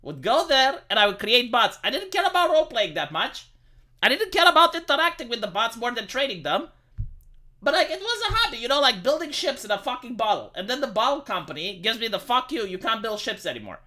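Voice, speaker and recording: A Romanian live-streamer with a very high voice rants casually to his viewers, speaking a little fast in a bright, forceful, very animated way. He curses freely. Getting worked up makes him stammer and repeat words.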